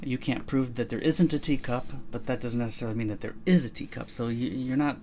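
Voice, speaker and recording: A man's voice: mid-range voice, fast, darkish tone, soft background music. A man co-hosting a casual podcast, rambling and restarting as he explains an idea and acts out bits of dialogue. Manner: rambling, self-correcting, acts out quoted dialogue. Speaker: podcast co-host.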